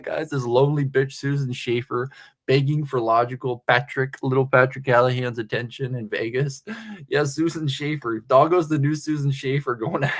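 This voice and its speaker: A man hosts a casual livestream with a little drink in him. He talks crudely in a rambling way and laughs often. His voice sits at an ordinary middle pitch. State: slightly tipsy. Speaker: livestream host.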